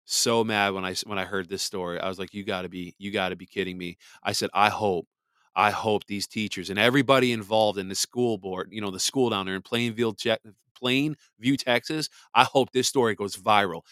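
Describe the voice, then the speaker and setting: A man's voice: on the low side, normal speed, a bit bright, clear, resonant tone, no room sound. A man hosting a podcast, ranting in blunt, profane, heated commentary. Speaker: podcast host. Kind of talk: angry commentary.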